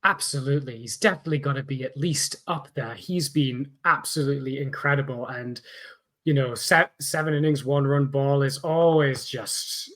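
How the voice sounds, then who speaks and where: A man's voice: medium pitch, moderate pace, fairly bright tone. A man co-hosting a casual sports podcast, friendly and lightly self-deprecating. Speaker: podcast co-host.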